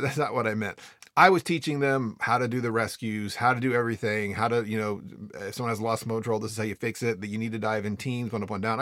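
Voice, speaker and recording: A male freediving instructor tells stories of his teaching in a relaxed, chatty way. He talks fast and animated and voices the people in his anecdotes. The sound is close and dry. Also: lowish voice, no room sound. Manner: animated, quick, acts out quoted people. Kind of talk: casual storytelling talk.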